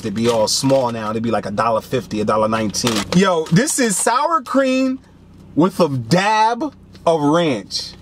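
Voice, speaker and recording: A young man reviewing snacks in a casual vlog, talking in an animated, joking way full of slang. His voice sits a bit high and swings widely in pitch. A faint background noise runs underneath. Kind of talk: casual taste-test vlog.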